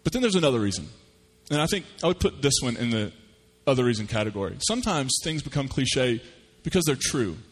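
A man delivers a sermon in a relaxed, folksy storytelling style. His voice sits at an ordinary pitch, and he slips into the voices of the people he describes. A long church reverb trails each phrase. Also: fairly quick, few pauses, slightly rough. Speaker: pastor.

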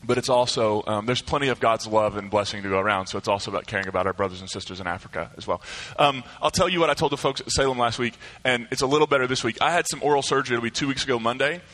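A middle-aged man with a slight lisp, a pastor giving casual, joking church announcements and a sermon at a deliberate pace. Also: on the low side, fairly even intonation, fairly bright tone, low-quality recording.

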